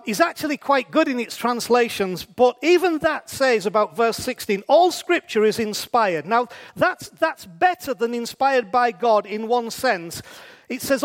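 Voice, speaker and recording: A man with a strikingly high-pitched voice gives a sermon. He keeps it conversational and often stops to ask the congregation rhetorical questions. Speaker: preacher.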